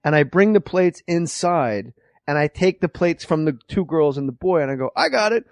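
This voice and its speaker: Host telling a comic story: high voice, dry close sound, swears a lot, does voices. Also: male voice, moderate pace, no room sound. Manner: profane, animated, acts out voices. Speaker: podcast host.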